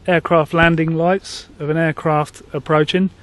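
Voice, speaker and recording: A man's voice: on the high side, flat delivery, a little slow. Man recounting a story to a group. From England. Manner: plain storytelling with fillers. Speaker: group member. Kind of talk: telling a personal story.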